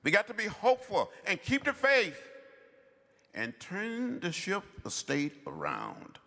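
An older man giving a commencement address in measured, rhythmic oratory with long pauses. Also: high voice, wildly swooping pitch, creaky, pushed and bright, long reverb tail. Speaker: commencement speaker. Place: large outdoor ceremony.

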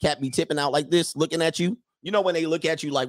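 A man's voice: on the high side, quick pace. Crude, slangy man riffing on his show. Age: 40s or older. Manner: crude, slangy, jokey storytelling that slips into acted voices. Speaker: show host. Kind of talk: casual comedic commentary on a live show.

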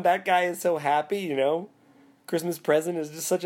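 A man's voice: a little high, moderate pace. A man hosting a talk show who reads a classic story aloud, then discusses it with enthusiasm. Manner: enthusiastic, animated when discussing. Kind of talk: reading aloud and casual discussion.

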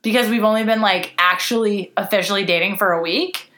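A woman's voice: medium pitch, a little fast, bright, forceful tone. Blunt, foul-mouthed woman in an echoey room. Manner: blunt, profane, heavy use of "like". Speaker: podcast co-host. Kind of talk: casual podcast chat.

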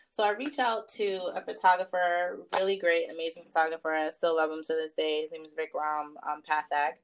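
A woman with a fairly low voice tells a story as a guest in a casual interview. She is animated and fills her talk with "like" and "um." She acts out what people said to her with lively shifts in her voice. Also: a little fast, a little hiss or hum. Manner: animated, acts out quotes, many fillers like "like" and "um". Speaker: fashion stylist, guest. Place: New York area.

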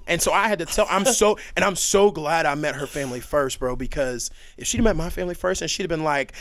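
A young man on a podcast, telling stories in a casual, animated way, laughing often and leaning on fillers. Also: sits high, fairly quick. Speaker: podcast guest. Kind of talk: casual storytelling chat.

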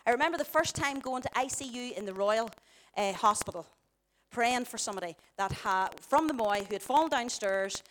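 A woman's voice: fairly high pitch, animated, fairly quick, fairly bright tone. A middle-aged woman with a Northern Irish accent preaching a sermon, emphatic and full of rhetorical questions to the congregation.

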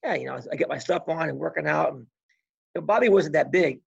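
An older man in his sixties with a deeply gravelly, husky voice recounts his wrestling days with animated energy, slipping into the voices of the people in his stories. He sits slightly high for a man, and the recording sounds dull and lo-fi. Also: fast talker. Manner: animated storyteller who acts out past conversations. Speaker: guest, former college wrestler. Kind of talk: casual storytelling interview.

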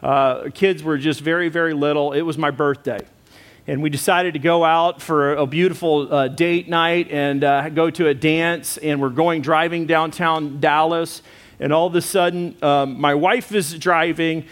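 Middle-aged pastor, slightly high voice, animated sermon storyteller. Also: male voice, measured pace.

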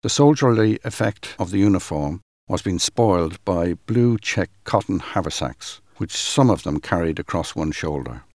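A man giving a measured, dramatic reading of a first-person account. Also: deep voice, animated, a little mellow, dry recording, studio quality.

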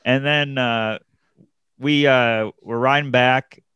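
A young man, a comedian and podcast co-host, telling a story in casual chat, animated and full of fillers and restarts, jumping his pitch up to act out the people he quotes. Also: slow pace, clear, resonant tone, no echo.

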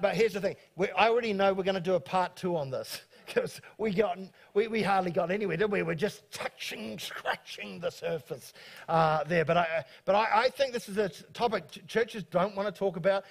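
A man pastor hosting a church talk from the stage, speaking quickly and excitably with many stumbling restarts. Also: high voice, gravelly. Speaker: pastor and host. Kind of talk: church talk introducing guests.

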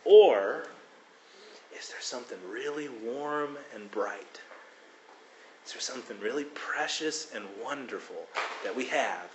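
A man preaching a sermon, expounding on scripture with expressive emphasis and dramatic quotes. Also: medium pitch, a little slow, long pauses, a little hiss or hum. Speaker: pastor. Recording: echoey room.

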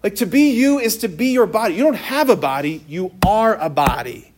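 A priest giving a lively, joking talk to teenagers in a room, often stopping to ask the audience questions. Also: male voice, high-pitched, normal speed. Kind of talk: interactive talk to teens. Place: room with a live youth audience.

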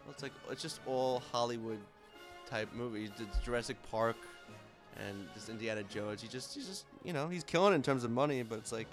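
A man on a comedy podcast, giving halting, rambling opinions. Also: mid-range voice, soft background music. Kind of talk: casual comedic banter.

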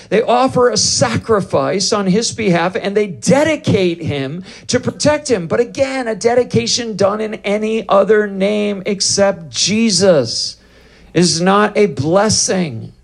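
A man with a somewhat high speaking voice delivers a sermon as a story. He acts out the back-and-forth of the exchanges with lively energy, like a pastor holding a congregation's attention. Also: unhurried, gravelly. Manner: animated, acts out both sides of dialogues. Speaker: pastor leading deliverance ministry.

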